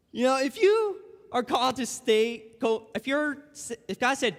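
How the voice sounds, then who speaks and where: A man's voice: extremely high pitch, animated, a little slow. A young man preaching a casual, conversational sermon as a guest speaker in a church. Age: young adult. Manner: casual and conversational, acting out quotes. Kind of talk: informal sermon. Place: church sanctuary. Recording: long church hall reverb.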